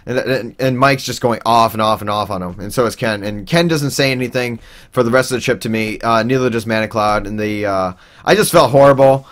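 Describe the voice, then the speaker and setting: A young man tells a personal story casually and ramblingly, full of fillers and restarts, raising his voice to act out the people he quotes. He speaks briskly, with a medium-pitched, slightly bright voice.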